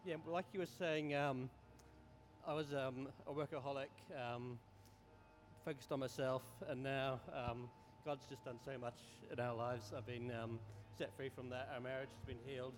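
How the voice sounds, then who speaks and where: Brief: quiet, hesitant man, church testimony, lots of ums. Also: mid-range voice, flat delivery, normal speed, faint music behind. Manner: soft-spoken, hesitant, many fillers. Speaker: church member. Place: church hall.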